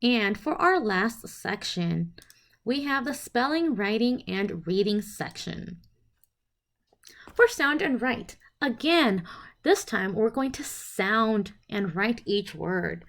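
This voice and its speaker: Woman walking thru a phonics lesson, slow and sing-songy, sounds out letters one by one. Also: mid-range voice, lively intonation. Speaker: teacher presenting a literacy lesson. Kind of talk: instructional presentation.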